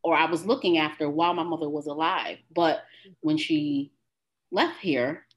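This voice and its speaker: A woman performing spoken-word poetry and then talking candidly as a guest, with deliberate phrasing and repeated refrains. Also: deep voice, lo-fi sound. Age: adult with a grown daughter. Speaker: guest poet.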